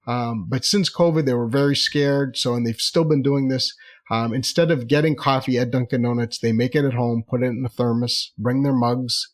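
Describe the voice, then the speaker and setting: Chatty man telling a personal story. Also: mid-range voice. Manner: chatty, animated, repeats himself for effect.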